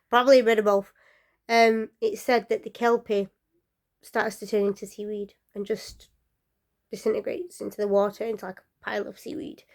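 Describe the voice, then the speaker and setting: A woman telling folklore stories casually, chatty and rambling with asides and fillers, often dropping to a soft near-whisper. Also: mid-range voice. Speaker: storyteller.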